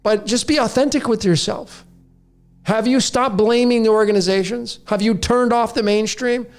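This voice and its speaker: A man's voice: high-pitched, steady tone, moderate pace. A man in his late forties hosting a podcast, delivering a raw, preachy rant straight to his listeners. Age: 40s. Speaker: podcast host. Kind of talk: monologue to listeners.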